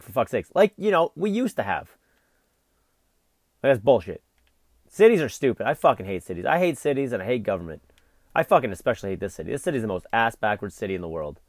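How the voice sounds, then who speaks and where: A man's voice: mid-range voice, no echo, studio quality. A young adult man hosting a vlog, delivering an exasperated, profane solo rant full of fillers. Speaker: vlog host.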